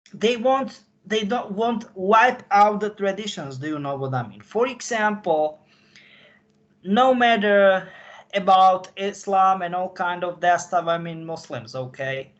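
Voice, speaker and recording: A man speaking in casual conversation, halting and searching for his words. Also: high voice, a bit bright. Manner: halting, searching for words in non-native English. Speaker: podcast guest insider. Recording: dull lo-fi audio.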